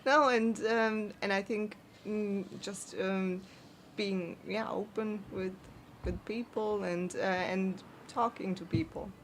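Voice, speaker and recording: A woman's voice: medium pitch, fairly even intonation, slow, a little hiss or hum. A woman guest in a casual chat, hesitant and thoughtful, with many fillers.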